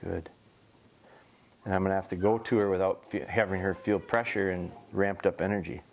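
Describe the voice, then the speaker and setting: A man's voice: sits low, fairly even intonation, moderate pace, gravelly, lo-fi sound, slight background noise. A man who trains bird dogs, casually explaining what he is doing as he works a young dog outdoors. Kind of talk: casual training vlog commentary.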